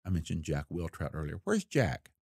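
A man's voice: extremely low pitch, huge pitch swings, moderate pace, gravelly, darkish tone, breathy edge, dry recording, clean studio sound. A man, a former federal investigator, telling a case story in a folksy, plain-spoken interview manner and acting out the voices he quotes.

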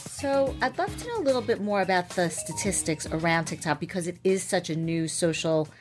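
A woman co-hosting a podcast, chatty and quick to laugh as she asks the guest questions. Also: on the low side, lively intonation, over music. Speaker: podcast co-host. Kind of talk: casual interview chat.

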